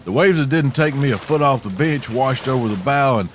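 A man's voice: mid-range voice, lively intonation, brisk, a little hiss or hum. A man from Arkansas, telling a scripted outdoor story with dry, wry humor. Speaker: podcast host.

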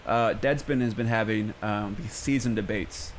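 A man's voice: lowish voice, fairly even intonation, moderate pace, slight background noise. A young man from San Francisco hosting a radio show, ranting in profane, exasperated bursts full of stammers and restarts from a studio. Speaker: radio host.

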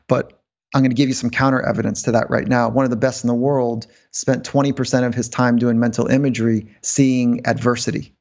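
Man guest on a podcast, gravelly voice, rambling, slightly dull lo-fi sound. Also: mid-range voice, darkish tone. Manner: rambling, laughs often, quick asides. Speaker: podcast guest, performance psychologist. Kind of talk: animated interview storytelling.

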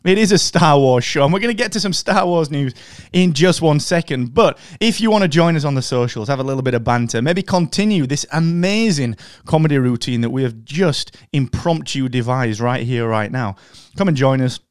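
A man hosting a casual podcast, jokey and upbeat with quick asides. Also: on the high side, animated, smooth, no echo, studio quality. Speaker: podcast host.

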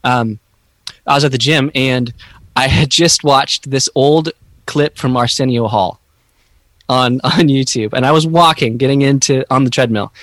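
A man talking slowly and haltingly in a reflective podcast conversation, searching for his words. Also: mid-range voice, fairly bright tone, no echo.

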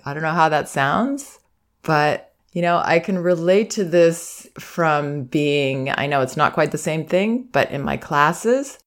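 A woman parenting educator giving calm, reflective advice in a monologue, sometimes acting out soothing phrases meant for a child. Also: low-pitched, slow pace. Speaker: parenting educator and podcast host.

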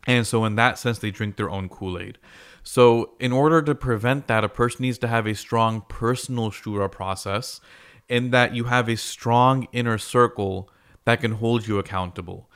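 A man's voice: medium pitch, fairly even intonation, moderate pace, a bit bright, clean tone. A man hosting a podcast, talking through ideas in a conversational, storytelling way with frequent restarts. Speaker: podcast host. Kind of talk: explanatory podcast monologue.

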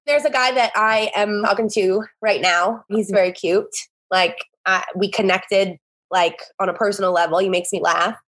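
Husky-voiced Southern woman telling stories. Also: mid-range voice, normal speed. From American South. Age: 30s. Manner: animated, exasperated, laughing storyteller. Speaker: podcast guest. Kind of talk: casual storytelling chat.

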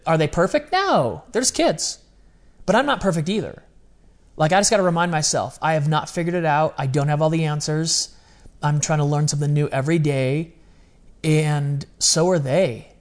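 Earnest man, candid podcast talk. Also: fairly high pitch. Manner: earnest, confessional, quick bursts of speech. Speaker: podcast co-host.

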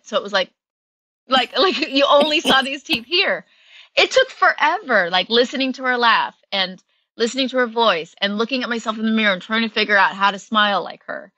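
A woman with a bright, clear voice talks casually as an interview guest, filling her sentences with little fillers and easy laughter. The sound is close and dry, with no room around her. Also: on the high side, expressive, moderate pace, no echo, low-quality recording. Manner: chatty, many fillers, laughs often. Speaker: actress guest.

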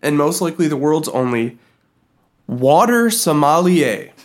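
A man co-hosting a podcast, telling a story in an animated, giggly way. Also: on the high side, measured pace. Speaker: podcast co-host. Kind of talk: casual comedic chat.

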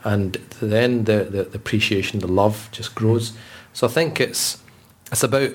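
A man's voice: lowish voice, unhurried. A man, a religious scholar, talking earnestly in a podcast conversation, telling stories with frequent restarts. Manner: earnest, storytelling, with repeated restarts.

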